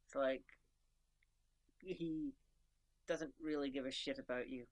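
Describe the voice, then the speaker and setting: A woman co-hosting a podcast chats casually and eagerly dissects her favourite characters, rambling enthusiastically and restarting often. Her voice is a rumbling low, steady and a little mellow, and she speaks slowly.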